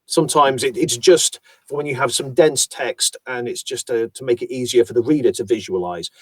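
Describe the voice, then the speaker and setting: A mid-range male voice, fairly quick and free of echo, belongs to an audiobook narrator. During a conversational interview he goes into his work at length, thoughtful and self-deprecating.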